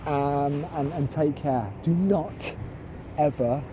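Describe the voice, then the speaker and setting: A man's voice: a little high, takes it slowly, background noise. A man, chatting casually to camera as a vlogger, rambling and correcting himself. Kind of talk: casual vlog chat. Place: outdoors, then inside a parked van.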